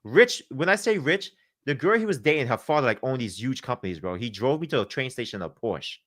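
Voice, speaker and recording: A man's voice: mid-range voice, animated, quick pace, fairly bright tone. A man telling a long, rambling story on a casual podcast, full of swearing and fillers. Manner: profane, rambling, many fillers. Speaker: podcast guest.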